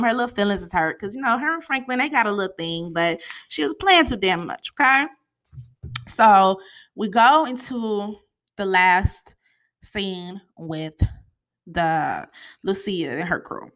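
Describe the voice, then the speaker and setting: A woman's voice: medium pitch, a little slow. Chatty woman recapping a TV episode. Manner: chatty and animated, peppered with "you know" and "honey". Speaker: TV show recap host.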